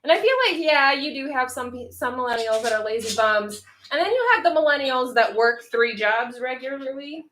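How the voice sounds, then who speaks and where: American woman, thirties, livestream host, chatty, answers chat, highish voice, roomy echo. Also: lively intonation, moderate pace, a bit bright. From United States. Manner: chatty, answers viewers by name, thinks aloud with fillers. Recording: echoey room with faint noise.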